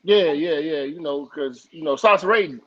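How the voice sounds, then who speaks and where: A man's voice: on the high side, normal speed, crowd noise. Heated, profane man on a muffled line. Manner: profane, heated, filler-heavy. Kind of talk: casual live-stream chat.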